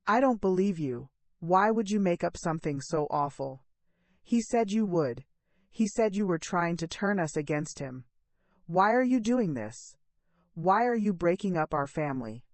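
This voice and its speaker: A woman's voice: lowish voice, expressive, moderate pace, no echo. A woman voicing a scared adult daughter on the phone, speaking in a small, tearful, pleading way, in a narrated audio story.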